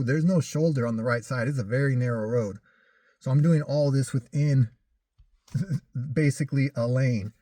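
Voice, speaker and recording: Halting man telling a story, dry sound. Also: mid-range voice, a little mellow, no room sound. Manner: halting, full of restarts and fillers. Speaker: vlogger recounting a crash. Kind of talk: casual personal storytelling.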